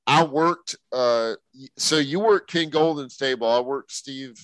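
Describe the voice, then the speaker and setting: A man's voice: mid-range voice, measured pace, fairly bright tone, no echo, rough recording. A man co-hosting a music show in casual talk, joking and teasing with slangy phrasing. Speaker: radio show co-host.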